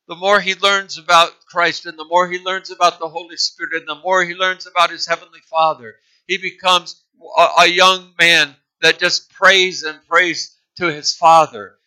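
A man retells a missionary tale in a sermon with a brilliant, ringing tone that sits a little above the usual male register. He is earnest and halting, often restarting phrases as he goes. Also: a little high, bright, forceful tone, clear, resonant tone, rough recording. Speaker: preacher. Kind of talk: sermon storytelling.

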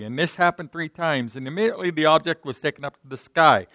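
A man's voice: fairly high pitch, quick pace, few pauses, sharp tone, dry recording. A man with a slight sore throat, preaching an unscripted sermon in church, often repeating words and restarting sentences. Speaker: pastor. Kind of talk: off-the-cuff sermon.

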